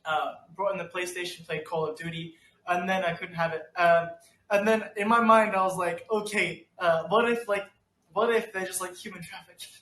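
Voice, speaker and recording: A man's voice: high voice, steady tone, moderate pace, pushed and bright. A young man guest on a podcast, chatting casually in an easygoing way, often trailing off and restarting. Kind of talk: casual chat. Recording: roomy sound from far off mic.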